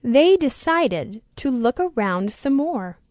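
A woman reading a children's story aloud, slowly and deliberately. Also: high-pitched, very animated, noisy background.

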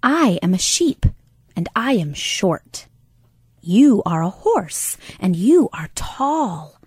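Lady doing a mild little sheep from a kids story, soft and breathy, slow. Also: mid-range voice, sing-song, no echo, clean studio sound, heavily acted. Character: short, mild sheep who says no.

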